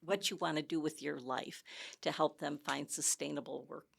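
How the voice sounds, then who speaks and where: Low gravelly-voiced woman guest. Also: fairly even intonation, normal speed. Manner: chatty, friendly explaining with restarts. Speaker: community education guest. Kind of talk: casual interview talk.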